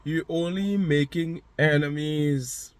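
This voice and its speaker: A man's voice: fairly high pitch, takes it slowly. A man giving a motivational monologue, speaking to the listener directly with emphatic, repeated phrases.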